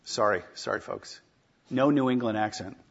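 A pastor preaching a sermon in a conversational way, often asking the congregation rhetorical questions. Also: male voice, fairly low pitch, normal speed, gravelly, highs cut off, slight background noise.

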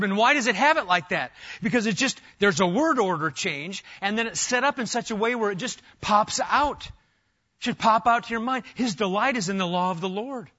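A middle-aged man preaching an expository sermon, emphatic and animated, often restarting his phrases. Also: high-pitched, muffled recording. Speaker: pastor.

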